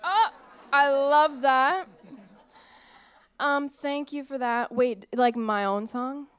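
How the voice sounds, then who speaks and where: A woman's voice: high-pitched, takes it slowly, a bit bright. A young woman singer chatting casually in an on-stage interview in a small theater, giggly and rambling, losing her train of thought. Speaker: singer-songwriter guest.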